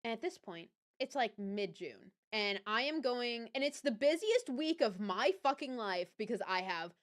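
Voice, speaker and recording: A young woman with a Southern US accent, streaming live and talking straight to her chat. Her voice sits a little high and swings widely in pitch. She tells her story in a chatty, animated way, stopping to correct herself and laughing between lines. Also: moderate pace. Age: young adult. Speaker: livestream host.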